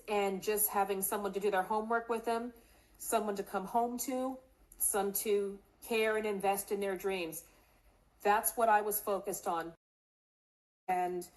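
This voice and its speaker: Middle-aged woman, interview guest, earnest storyteller, mid-pitched, acts out quoted lines. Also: a little mellow, rough recording. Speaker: congressional candidate.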